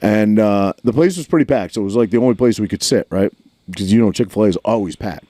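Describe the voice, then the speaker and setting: A man's voice: on the low side, quick pace, warm tone, no echo. A man, telling a story in a casual podcast chat and acting out the lines he quotes. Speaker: podcast co-host.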